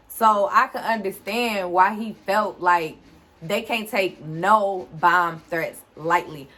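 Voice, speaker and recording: Animated woman telling a storytime. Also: mid-range voice. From Detroit, USA. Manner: animated, talks straight to viewers. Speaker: vlogger. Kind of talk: casual storytime.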